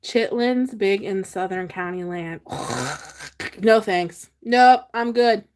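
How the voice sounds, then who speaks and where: A woman's voice: mid-range voice, takes it slowly, a little mellow. A woman hosting a casual livestream, chatting with viewers, reading their comments aloud and laughing often. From Pennsylvania. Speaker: livestream host.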